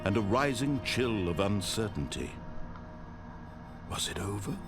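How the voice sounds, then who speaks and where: A man's voice: lowish voice, animated, unhurried, faint music behind. A man voicing a grand, all-knowing storyteller narrator in a video game, with a dramatic, swelling delivery.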